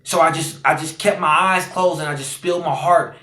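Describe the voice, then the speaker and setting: Earnest guy, kinda high voice, keeps repeating himself, lots of like and you know, roomy echo. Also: steady tone, a little fast, pushed and bright. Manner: earnest, repeats phrases, many fillers. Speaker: guest. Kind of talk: personal storytelling.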